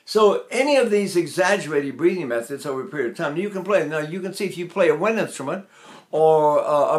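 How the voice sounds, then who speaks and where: An eighty-three-year-old man teaches singing technique, talking casually and showing each breathing step as he goes. His speaking voice sits a little high for a man, and he keeps talking even while holding a full breath. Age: 80s. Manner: chatty, demonstrative, holds breath while talking.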